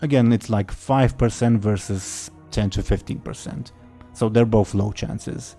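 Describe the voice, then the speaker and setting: A man's voice: on the low side, unhurried, vocal fry, warm tone, faint music behind. A man running a tabletop role-playing game as game master, narrating in a laid-back, hesitant way.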